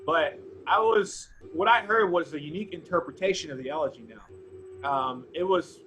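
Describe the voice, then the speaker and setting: A man teaching a group bass class over a video call, thoughtful and often restarting phrases while he searches for words. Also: normal speed, a bit bright, slight background noise, poor audio.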